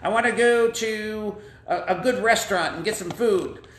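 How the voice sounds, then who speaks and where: A man's voice: high voice, moderate pace, fairly bright tone, echoey room, slight background noise, voice pushed up. A man voicing a pushy, greedy man who demands a small debt back with threats in a puppet story.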